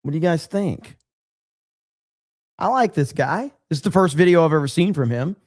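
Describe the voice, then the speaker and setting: A podcast host with a slightly high voice talks at a moderate pace in a clean, echo-free studio recording. Reacting to a video clip, he's casual and animated, chatting, laughing and interjecting.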